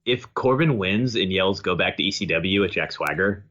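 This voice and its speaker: A man's voice: deep voice, animated, normal speed, fairly bright tone, lo-fi sound. A man from the New York area co-hosting a podcast in casual chat, dry and sighing. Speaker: podcast co-host.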